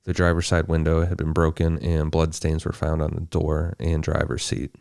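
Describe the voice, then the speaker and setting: A male podcast host narrates a true-crime case in a steady, detailed way with casual asides. His voice is extremely deep and gravelly. The sound is dry and close. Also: moderate pace, no room sound.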